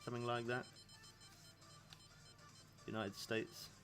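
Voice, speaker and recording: Slow and flat, his medium-pitched voice a bit bright, an English man in his thirties chats casually with viewers while streaming a fishing game. He rambles and laughs often, and faint music plays behind.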